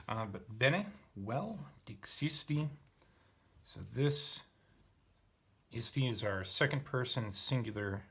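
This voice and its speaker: A man's voice: mid-range voice, fairly bright tone, husky. A man teaching Latin, methodically parsing verb forms and thinking aloud as he reads through a text. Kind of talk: explaining Latin grammar while reading.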